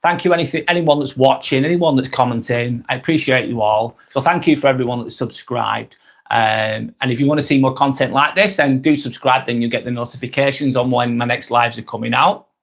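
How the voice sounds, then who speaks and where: A man in his forties hosting a live stream, chatting casually and reading out viewer comments, friendly, rambling and quick to apologise. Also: mid-range voice, vocal fry. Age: 40s. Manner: chatty and friendly, ranting a little, apologising often.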